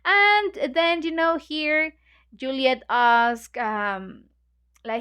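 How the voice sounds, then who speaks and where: A woman with a high voice leads an English book club, talking the class through a novel. Her first language is Spanish. She is chatty and full of fillers, and she acts out what the characters say. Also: extremely slow, bright, forceful tone. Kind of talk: explaining a novel to English learners.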